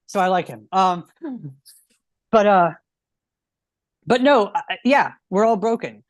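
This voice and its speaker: An American rabbi in his thirties teaches during a casual chat, explaining ideas in an earnest, conversational way. His voice sits high with lively intonation and an unhurried pace, with no room sound.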